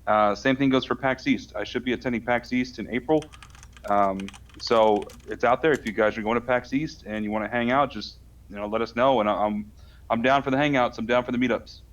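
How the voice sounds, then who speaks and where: A man's voice: medium pitch, steady tone, a little fast, muffled recording. A man co-hosting a casual podcast chat, easygoing and wisecracking. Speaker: podcast co-host.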